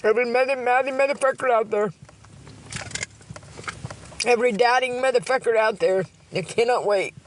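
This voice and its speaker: A woman's voice: fairly high pitch, moderate pace, long pauses, a little hiss or hum. A woman ranting angrily on a phone livestream, heated, profane and repetitive. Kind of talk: angry livestream rant.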